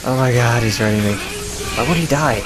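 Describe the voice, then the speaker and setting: A young man with a medium-pitched voice talks at normal speed over loud music, casually commenting on the video game he's playing. His let's-play commentary rambles and is profane and sarcastic.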